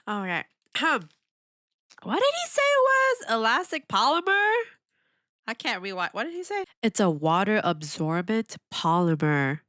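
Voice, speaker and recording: Woman reacting to a show, super expressive, voice jumps up and down a lot, keeps laughing and asking questions. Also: mid-range voice, unhurried, dry recording, studio quality. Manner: animated, exclamatory, laughs often; asks rhetorical questions. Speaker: reaction video host. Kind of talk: casual reaction commentary.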